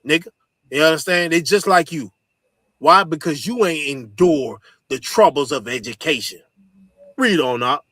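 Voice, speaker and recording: A man preaching forcefully to his listeners, repeating "you understand" and swearing often. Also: a little high, animated, moderate pace, no echo, clean studio sound. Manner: forceful, repetitive, profane. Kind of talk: street sermon teaching.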